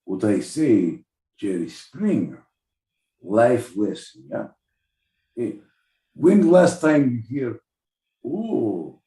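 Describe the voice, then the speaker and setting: Man putting on a russian guy, broken english, lively pitch, roomy echo. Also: far from the mic. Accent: put-on Russian. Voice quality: broken grammar, emphatic.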